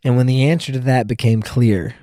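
A man's voice: mid-range voice, fairly even intonation, brisk, dark tone, no room sound. A young man chatting casually with his wife on a podcast, dry and reluctantly joking. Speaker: podcast co-host, husband. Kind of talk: casual chat.

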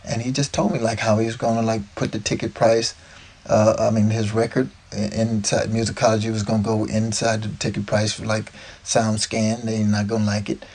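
A man's voice: on the low side, little pitch movement, brisk, darkish tone. A man, the guest, telling casual, rambling stories and often tossing in "man" and "like.". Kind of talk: casual storytelling.

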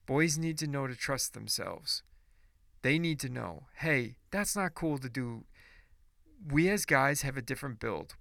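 A man's voice: medium pitch, gravelly, a bit bright, dry recording, studio quality. A man ranting in a casual monologue podcast, blunt and profane, preachy and rambling with restarts.

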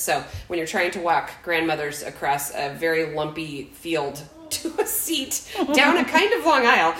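A woman in her forties co-hosts a podcast, telling a story in a rambling, self-interrupting way and laughing frequently during the casual chat. Her voice is on the low side with a fairly bright tone. The recording is rough, with a roomy sound.

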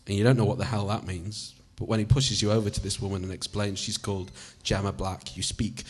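A man's voice: fairly low pitch, little pitch movement, a little fast, few pauses, breathy edge. A man reading a story aloud in the second person, in a conversational style with casual swearing. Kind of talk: audiobook reading.

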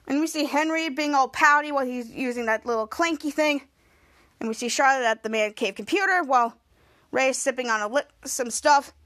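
A woman's voice: high voice, brisk, a bit bright. A woman hosting a podcast, casually retelling a TV episode scene by scene in a rambling way. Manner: retells scenes step by step, acting out characters' lines; rambling, with frequent restarts. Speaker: podcast host.

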